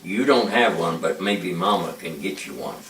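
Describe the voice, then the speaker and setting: A man, a preacher, giving an informal ventriloquism lesson with slow, patient, drawn-out demonstrations. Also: low voice, animated, a bit bright, slight background noise. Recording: echoey room, mic far off.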